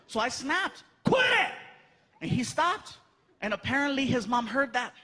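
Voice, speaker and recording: A male stand-up comedian telling stories loudly and animatedly on a live stage. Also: very high-pitched, normal speed. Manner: loud, animated storytelling to a crowd. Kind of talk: stand-up routine. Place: live stage in front of audience. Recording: noisy live show, crowd laughter.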